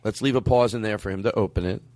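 A man's voice: lowish voice, quick pace, a little mellow, no echo. A man co-hosting a podcast in casual banter, joking and rambling, swearing often. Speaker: podcast co-host.

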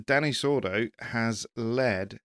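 A man's voice: mid-range voice, slow, fairly bright tone, dry recording. A man co-hosting a casual rally chat, rambling and joking, often correcting himself mid-sentence. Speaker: podcast co-host.

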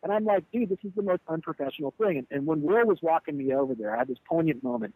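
In candid interview storytelling, a band leader angrily describes a bandmate walking out mid-show, swearing freely and playing out the dialogue with animation. His voice is fairly high, creaky and slightly rough, and he talks quickly. There's no echo, though the audio quality is poor.

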